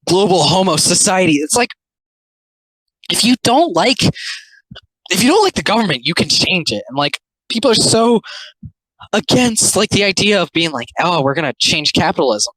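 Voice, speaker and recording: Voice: medium pitch, big pitch swings, moderate pace, pauses often, a bit bright, dry recording, poor audio. A speaker giving casual, rambling, sarcastic commentary on comics, full of filler words. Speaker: commentary host.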